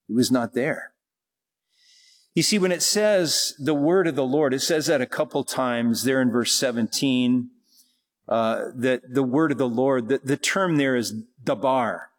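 A man teaching verse by verse through scripture, reading passages slowly and then explaining them, his voice rising when he presses a point. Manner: rises in pitch and force when pressing a point. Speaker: Bible teacher.

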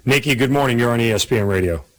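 A man hosting a sports talk radio show, chatting quickly and taking calls from listeners. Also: mid-range voice. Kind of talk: casual radio chat.

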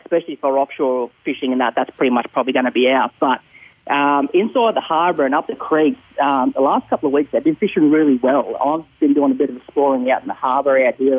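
A man's voice: medium pitch, breathy edge, dry recording. Australian man on a tinny phone line. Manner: relaxed, rambling with many ums and uhs. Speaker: fishing report caller. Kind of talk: casual radio phone chat.

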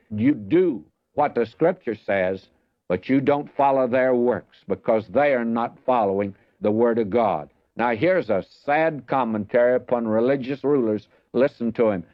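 A man's voice: mid-range voice, dry recording. Earnest preaching man, dull lo-fi sound. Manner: earnest, emphatic preaching that addresses listeners directly. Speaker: Bible teacher. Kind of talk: verse-by-verse Bible teaching sermon.

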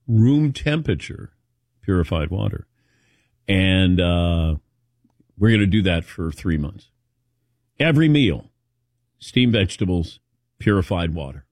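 Low-voiced man telling rambling stories. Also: darkish tone, dry recording, studio quality. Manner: rambling anecdotal storytelling. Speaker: host. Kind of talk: casual chat.

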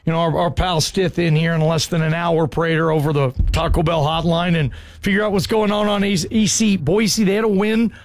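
A man's voice: a little high, fairly even intonation, fairly quick, hardly any pauses, dry recording. A man hosting a sports radio show, chatting casually and ribbing his co-host.

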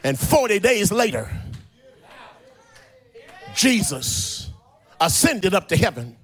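A man preaching a sermon who tells scripture stories in casual slang and builds to a sung, shouted climax. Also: slow pace, breathy edge. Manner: animated, drops low and quiet for storytelling, then rises to a sung, shouted climax.

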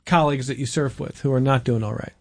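A man's voice: medium pitch, fairly even intonation, fast talker, a little mellow. A man interviewing guests, asking probing and reflective questions. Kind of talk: interview conversation.

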